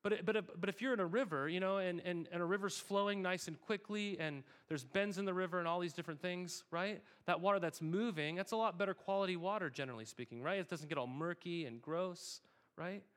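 High-voiced young pastor preaching. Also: male voice, fairly quick, fairly bright tone. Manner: asks the congregation questions and answers them himself; conversational, repeats phrases for emphasis. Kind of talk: sermon.

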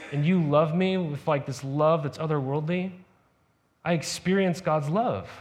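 A young adult man pastor delivering a sermon, retelling a parable in a conversational, animated storytelling way with casual asides to the congregation. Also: high-pitched.

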